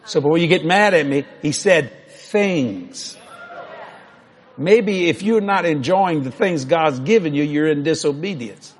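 An older man, preaching a storytelling sermon that acts out dialogue and climbs toward near shouts. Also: fairly high pitch, normal speed, hardly any pauses.

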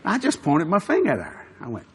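A man preaching a sermon, telling a funny story with frequent chuckles and shouted punchlines. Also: on the high side, a little fast, heavy background noise. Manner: animated, chuckling, shouts for emphasis.

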